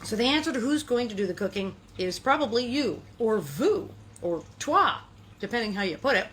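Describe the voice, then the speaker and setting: A woman's voice: fairly high pitch, sing-song, moderate pace, a bit bright, slight background noise. Playful, chatty woman hosting a cooking show. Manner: playful, chatty, sing-song asides. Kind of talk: casual cooking demonstration. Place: kitchen.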